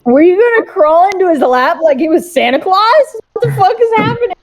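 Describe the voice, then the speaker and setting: A woman's voice: very high voice, big pitch swings, fairly quick, slight background noise. A woman playing a tabletop game, joking around, giggling and swearing casually. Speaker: player.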